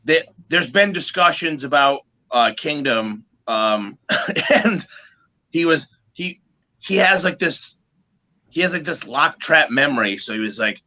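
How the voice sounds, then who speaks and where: A man, a guest musician, telling stories in a casual, animated way, swearing freely and restarting his sentences. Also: a little high, measured pace, rough recording. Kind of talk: casual storytelling.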